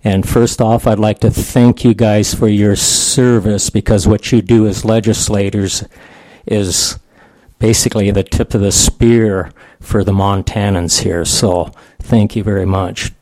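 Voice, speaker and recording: A man's voice: lowish voice, fairly even intonation, unhurried, darkish tone, dry recording. A man in his sixties, a veterans' advocate giving plain-spoken, folksy testimony at a committee hearing.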